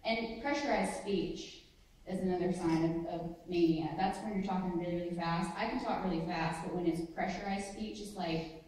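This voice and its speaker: A woman explains in a chatty, relaxed way from a lecture panel. Her tone is mellow and dark. She stands well away from the microphone, and the hall echoes heavily around her. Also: fairly low pitch, moderate pace. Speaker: student panelist. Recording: echoey hall, mic from far off.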